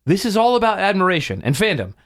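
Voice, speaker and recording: A man co-hosting a loose comedy podcast. His pitch swings all over the place as he reads out listener mail and cuts in with curses and mock exasperation. He sits a touch above the usual male register. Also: fast talker. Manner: animated, sweary, mock-exasperated. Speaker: podcast co-host. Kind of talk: casual banter, reading listener mail.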